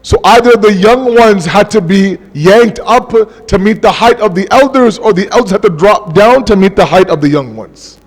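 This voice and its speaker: A man with a fairly high voice preaches a mourning sermon with passion, drawing out key words to press them home. His voice carries a long reverb from a large mosque hall. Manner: impassioned, slows down for emphasis. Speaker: majlis speaker.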